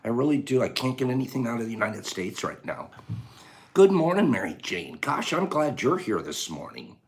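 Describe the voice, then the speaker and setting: Animated, scratchy-voiced man hosting a live stream. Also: medium pitch, moderate pace. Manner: animated, bursts of laughter and loud exclamations. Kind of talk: casual live-stream chat.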